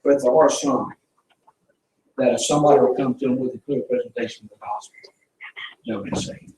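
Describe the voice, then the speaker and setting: A man's voice: mid-range voice, fairly even intonation, brisk, warm tone. Southern missionary man preaching in an echoey church. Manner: folksy storytelling, fervent preaching. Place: church sanctuary. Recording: echoey church room from a distance.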